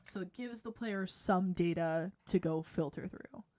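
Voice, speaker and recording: A woman streaming game design work at her computer, thinking aloud and trailing off into quiet mutters at a desk microphone, with keyboard typing behind her. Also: on the low side, measured pace. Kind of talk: live-streamed coding and design talk. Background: keyboard typing and clicks.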